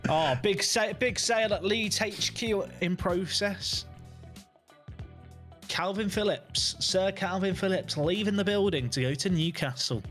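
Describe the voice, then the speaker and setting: A man with a fairly high voice reports game news and fends off his friends' teasing. His replies are dry and good-natured. Faint music sits behind him. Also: measured pace, fairly bright tone. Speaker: streamer. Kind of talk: casual gaming stream banter.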